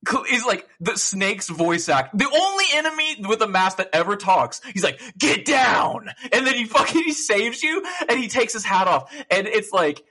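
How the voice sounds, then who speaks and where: A young man co-hosting a casual gaming podcast, telling stories in an animated way, full of swearing and laughter. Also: high voice, normal speed, hardly any pauses. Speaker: podcast co-host.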